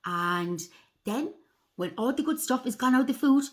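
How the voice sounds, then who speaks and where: A woman teaching a circle time lesson to young children. Her voice sits fairly high and swings widely in pitch. She talks in an animated, sing-song way, often calling the children guys. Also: normal speed. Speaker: preschool teacher.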